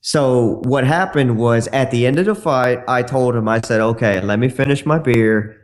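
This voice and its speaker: Guy on a podcast, loud and crude, telling a wild story. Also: medium pitch, moderate pace. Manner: brash, bawdy, acts out dialogue in shifting voices. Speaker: podcast guest, dating coach. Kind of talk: casual anecdote storytelling.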